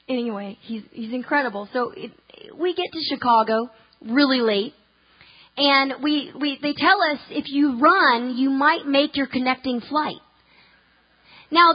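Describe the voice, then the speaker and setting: A woman's voice: sits high, dull audio. A young woman preaching at a church conference, telling a personal story in a chatty way, with lots of ums and restarts and laughing asides. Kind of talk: storytelling sermon.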